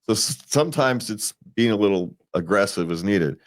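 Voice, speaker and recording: On the low side with lively intonation, a man speaks at normal speed while co-hosting a relationship advice show. He chats casually and rambles, often starting over, repeating words and chuckling.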